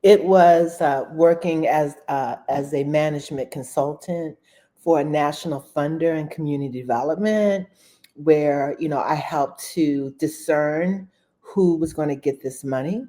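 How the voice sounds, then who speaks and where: Slow, low-voiced woman guest. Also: warm tone. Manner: unhurried, thoughtful, with many fillers. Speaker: interview guest. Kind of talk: casual interview.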